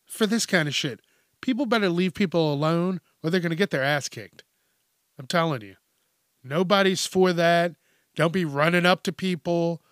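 Slow-talking, foul-mouthed ranting man. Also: on the high side, fairly bright tone, no echo, clean studio sound. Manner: blunt, heavily profane, laughing often. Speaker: podcast host. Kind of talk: casual comedic rant.

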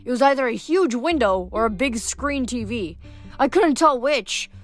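A woman reading a novel aloud at a steady pace, with small slips and restarts. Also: on the high side, moderate pace, dry recording, soft background music. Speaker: audiobook reader.

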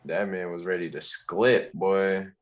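A man's voice: sits low, fairly even intonation, measured pace. A laid-back man chatting casually about a show, slangy and laughing a lot. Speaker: show recap co-host. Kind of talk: casual reaction chat.

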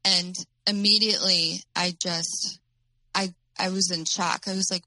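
A woman telling her own story as an interview guest, in a halting way with many fillers. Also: lowish voice, fairly even intonation, pushed and bright, no room sound, rough recording.

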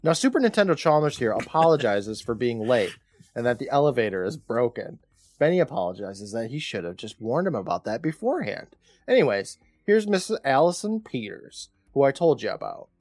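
Animated man recapping a horror episode. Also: mid-range voice, fairly quick, no echo. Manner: chatty retelling with quoted lines. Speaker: podcast co-host.

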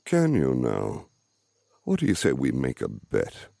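Giant greedy dragon: rumbling low, creaky, drawn-out taunts, dry close sound. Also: male voice, wildly swooping pitch, warm tone, no echo, full character voice. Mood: sly. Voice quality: deep gravelly rumble. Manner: slow, taunting, sly. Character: giant green male dragon, menacing, hoards gold. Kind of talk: audio drama for kids.

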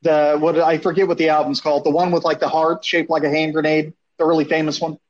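A man tells a rambling, profane story with lively energy, acting out the people in it. His voice sits a little high, and the recording sounds dull and lo-fi. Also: quick pace. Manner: animated, profane, acts out quotes. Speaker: storyteller on a podcast. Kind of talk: casual storytelling chat.

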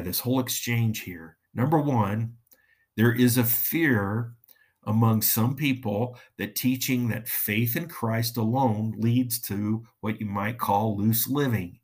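Slow, husky male preacher. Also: on the low side. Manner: slow, deliberate teaching delivery addressing listeners directly. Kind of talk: sermon.

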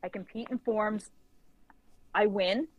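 A woman telling a casual story as a guest, lively and acting out the dialogue, leaning on "like" as a filler. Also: mid-range voice, slow pace, no room sound, low-quality recording. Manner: lively storyteller who acts out quoted dialogue; frequent filler "like". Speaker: guest author.

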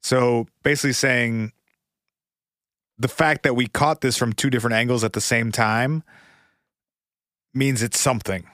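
A man co-hosting a podcast, talking in a measured way and reasoning things through aloud. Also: medium pitch, steady tone, fairly bright tone, no echo, clean studio sound. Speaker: podcast co-host. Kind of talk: casual chat.

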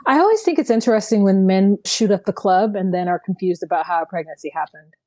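A woman's voice: mid-range voice, lively intonation, quick pace, dark tone, dry recording. A woman co-hosting a podcast, recapping a reality show in casual, opinionated chat full of "like". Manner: chatty, opinionated, heavy use of "like". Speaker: podcast co-host.

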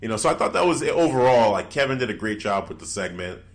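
In a relaxed chat recapping wrestling, a male co-host speaks quickly in a lowish voice. His delivery is animated, full of laughs, with quotes acted out rather than just repeated.

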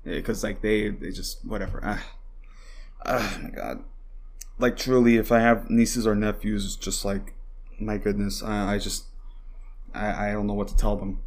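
A man's voice: fairly low pitch, steady tone, normal speed, pauses often. A young man hosting a podcast, ranting with heavy swearing and constant fillers, at times mocking his opponents. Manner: heated and rambling, swears often, many fillers; mocks opponents in put-on voices. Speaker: podcast host. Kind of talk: casual political commentary.

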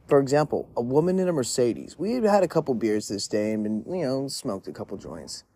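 A man's voice: mid-range voice, expressive, brisk, dark tone. A man telling a story in a casual monologue, rambling with lots of "like" fillers and frequent swearing. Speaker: podcast storyteller.

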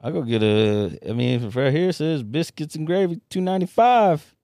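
A man's voice: a little high, animated, normal speed, mellow, no room sound, clean studio sound. Swearing, laughing comedian guest, man. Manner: loose, profane, laughing riffs. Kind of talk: casual comedy podcast chat.

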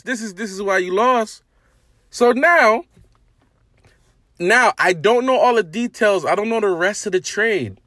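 A man hosting a casual sports podcast. He talks straight to his listeners in an animated, hyped-up way and calls people out. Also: high-pitched, unhurried, long pauses, no room sound, clean studio sound. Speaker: podcast host.

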